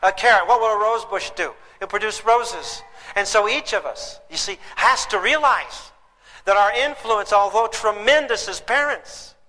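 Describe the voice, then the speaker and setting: Bright-voiced man lecturing in a hall. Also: extremely high pitch. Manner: humorous, questions the audience directly. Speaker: parenting seminar speaker. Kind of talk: live seminar lecture. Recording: long hall reverb.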